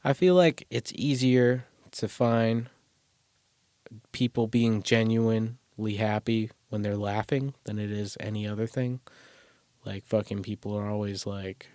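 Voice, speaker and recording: A man's voice: lowish voice, steady tone, unhurried, a little mellow, smooth, dry recording. A man hosting a solo podcast from a closet, talking in a rambling, crude, self-deprecating way and swearing a lot. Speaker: podcast host. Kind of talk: casual solo podcast monologue. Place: small closet.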